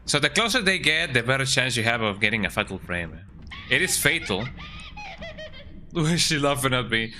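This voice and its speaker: Young guy streamer, super bright voice, jokey, bounces all over in pitch, keeps going "eh?". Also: sing-song, brisk, a little hiss or hum. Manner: playful, jokey, keeps tagging lines with "eh?". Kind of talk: casual gameplay commentary.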